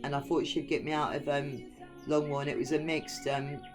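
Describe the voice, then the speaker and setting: A woman's voice: low voice, little pitch movement, normal speed, music in the background. A woman from Western Australia giving a rambling scripture reading and commentary as a Bible teacher, digressing often and chatting with lots of ums.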